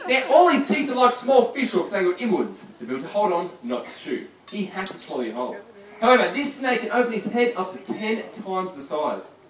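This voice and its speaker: Man, joking showman, high lively voice, echoey room, crowd noise, from a distance. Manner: joking, teasing, chatty. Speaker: reptile show presenter. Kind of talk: live show patter with audience. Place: large room with audience.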